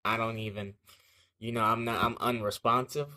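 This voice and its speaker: A man's voice: fairly low pitch, fairly even intonation, normal speed, bright, forceful tone. A young man telling a childhood story in a casual vlog, rambling and slangy, with lots of fillers and swearing.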